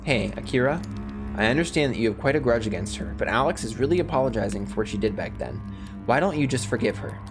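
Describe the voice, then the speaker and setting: A man reading a calm level-headed young man. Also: medium pitch, quick pace, music in the background, lightly acted. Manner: calm, reasoning.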